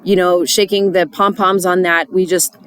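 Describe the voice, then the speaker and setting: A woman's voice: on the low side, little pitch movement, moderate pace, smooth. A middle-aged woman speaking to church volunteers in an earnest, chatty devotional talk, with many fillers and restarts.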